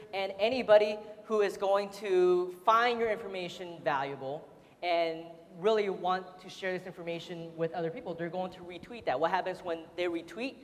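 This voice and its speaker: A man giving a casual, chatty seminar talk to an audience, laughing often and full of fillers. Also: sits high. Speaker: seminar speaker. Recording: roomy hall reverb.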